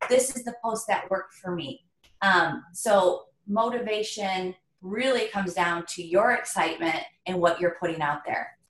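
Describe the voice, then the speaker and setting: An upbeat woman coaching her team over a video call, her voice at an ordinary middle pitch. The sound is roomy and echoey, like a webcam mic in a bare room. She talks in an encouraging, motivational way. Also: a little slow, a bit bright. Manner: upbeat, motivational, addresses listeners as you guys. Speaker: direct sales team leader. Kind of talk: training call on video chat.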